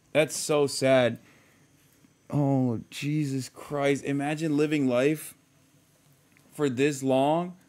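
A man's voice: mid-range voice, a little mellow. A man in his thirties reacting live on stream, blunt, profane and mocking.

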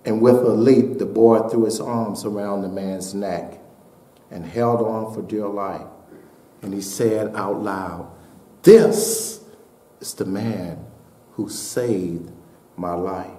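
A man preaching a sermon as pastor, building to shouted peaks and dropping to a hushed voice for a story. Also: on the low side, fairly even intonation, slow pace, roomy sound. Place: church sanctuary.

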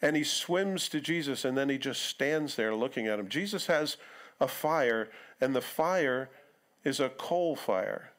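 A man's voice: mid-range voice, expressive, unhurried, fairly bright tone. A middle-aged male pastor giving a sermon in church, talking in a conversational way and acting out quotes in other voices.

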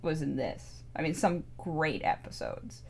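A woman's voice: low-pitched, sing-song, unhurried, gravelly, husky. A young woman talking casually about a cartoon, rambling and gushing with many restarts. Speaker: show reviewer. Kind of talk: casual chat.

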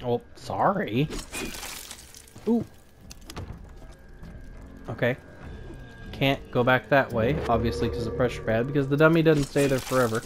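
A man giving a relaxed let's play commentary, thinking aloud in a flat, low-key way and often repeating small words. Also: unhurried, pauses often, over music. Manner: low-key, flat delivery despite interest. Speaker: gaming channel host.

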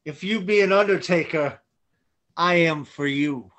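A man's voice: on the high side, unhurried, a bit bright. A man reading a boisterous, scheming knight in a Zoom play reading, with a blustering, persuasive delivery. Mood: bold. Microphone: video call.

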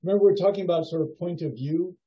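A man teaching a writing workshop over a video call, giving feedback in a musing, halting way with many fillers. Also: high-pitched. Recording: dull lo-fi video call audio.

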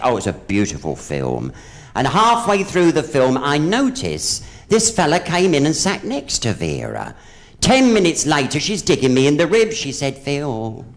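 Man, stage comic, gossipy live storyteller with a very animated voice. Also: mid-range voice. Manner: chatty gossipy storyteller, hops in and out of voices for each character. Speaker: stand-up comedian. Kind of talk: live stand-up joke telling. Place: theatre stage with a live audience.

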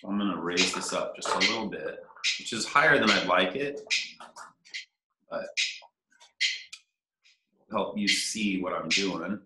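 Male drum teacher, low bright voice, relaxed instruction in a roomy space. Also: a little slow, long pauses. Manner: counts rhythms aloud, easygoing. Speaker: percussion teacher. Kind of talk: casual instruction. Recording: echoey room.

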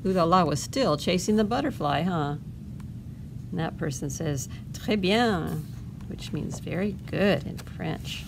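A woman librarian reads a picture book aloud for a family storytime, with a fairly low voice. She pauses often for gentle asides to the children. A faint hiss runs under the reading. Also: vocal fry.

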